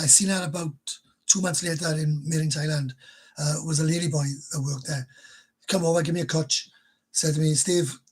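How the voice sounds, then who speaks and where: A middle-aged man chats bluntly on a casual livestream. His voice is rough and husky and sits a little high for a man, and he swears freely as he talks. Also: darkish tone, low-quality recording. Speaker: livestream host.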